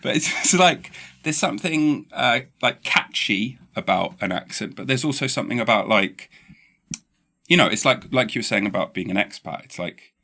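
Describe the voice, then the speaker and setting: Speaking at normal speed in a mid-range voice, this English-accented man hosts a podcast. His chat is casual and rambling, with frequent restarts, and he turns animated when quoting.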